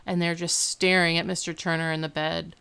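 A woman recaps a TV episode in relaxed podcast chat. Her voice sits on the low side and sounds smooth and resonant. She retells scenes animatedly, slipping into the characters' lines. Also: fairly quick. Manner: animated retelling with acted-out quotes and laughter. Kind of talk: casual chat.

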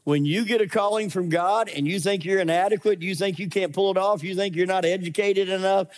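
A middle-aged male pastor preaching a sermon, animated and acting out voices in his stories. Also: high-pitched, fairly quick. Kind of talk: sermon with scripture reading.

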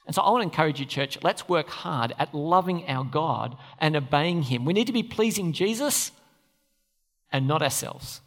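Male preacher, chatty, questioning the congregation, animated intonation, long hall echo. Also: on the high side, normal speed. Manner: conversational, asks the audience questions. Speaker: pastor. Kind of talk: sermon.

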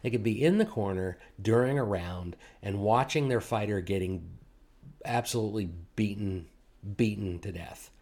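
A man preaching a sermon in a relaxed, conversational way, acting out quoted complaints and chuckling now and then. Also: lowish voice, normal speed. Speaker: pastor.

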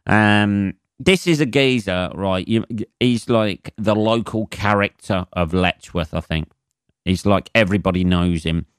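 A man's voice: on the low side, unhurried, smooth, no echo, clean studio sound. A man in his forties from England hosting a solo comedy podcast, rambling and swearing, with lots of fillers and chuckles at his own jokes.

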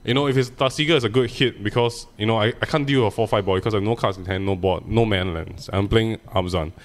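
A man's voice: lowish voice, quick pace. A man, co-hosting a casual podcast and recapping his games in a rambling, teasing way. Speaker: podcast co-host.

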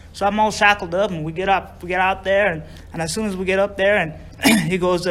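A man's voice: high-pitched, steady tone, fast, fairly bright tone. A man telling a personal recovery story in a rambling, profane way, with many fillers and chuckles. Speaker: speaker sharing a recovery story.

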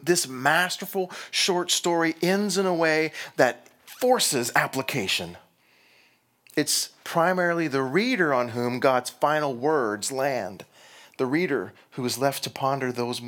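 A man preaching with a husky, breathy edge to his voice. He delivers the sermon with real emotion, letting his voice rise for emphasis and then sink almost to a whisper. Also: mid-range voice. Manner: emotional, swinging between loud and hushed. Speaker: pastor.

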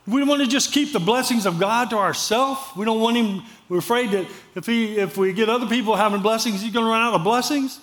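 High-voiced pastor preaching conversationally. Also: male voice, fairly quick, few pauses, fairly bright tone. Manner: conversational storytelling, repeats phrases for emphasis. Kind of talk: sermon.

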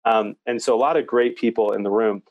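A young man co-hosting a podcast, telling stories about ministry in casual, animated chat. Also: on the low side, brisk, muffled recording. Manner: storytelling, animated. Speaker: podcast co-host, youth minister.

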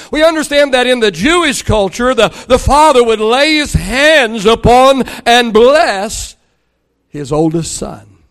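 Older man, pastor, sermon, very high-pitched voice, storytelling. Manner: storytelling, acts out dialogue with rising excitement.

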